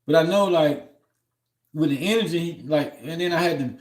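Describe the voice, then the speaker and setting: A man's voice: on the high side, moderate pace, darkish tone, roomy sound. A man on a livestream telling a long story in a loose, rambling way, often heated and aggrieved, with "you know what I'm saying" between his thoughts. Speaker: livestream host.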